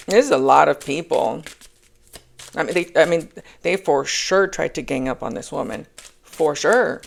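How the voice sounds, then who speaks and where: A woman's voice: low-pitched, unhurried, gravelly. A woman giving a casual spoken tarot reading. She rambles, repeats herself and keeps checking in with "okay?". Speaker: tarot reader.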